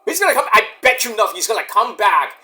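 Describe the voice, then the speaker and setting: A man's voice: high voice, very animated, fast talker, pushed and bright, slight background noise. A man reviewing shows, giving rambling, profane running commentary as he watches. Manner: rambling, profane, talks to himself about the action. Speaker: show reviewer.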